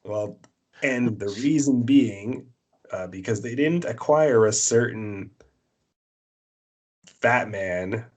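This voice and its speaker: A man co-hosting a podcast, giving blunt, opinionated sports takes in casual chat with a Canadian accent, often pausing on "uh" and "um". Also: lowish voice, darkish tone. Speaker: podcast co-host.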